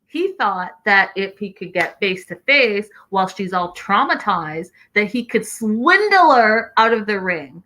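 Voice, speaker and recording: A woman hosting a show, recapping episodes in an animated, exclaiming way and acting out what people said. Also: medium pitch, measured pace. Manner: expressive, exclaiming, acting out quotes. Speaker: podcast host recapping a reality show.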